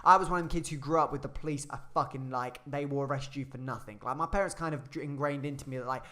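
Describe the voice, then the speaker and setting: A man's voice: mid-range voice, quick pace. A young man telling a rambling, sweary personal story in a casual storytime. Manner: rambling, sweary, animated retelling.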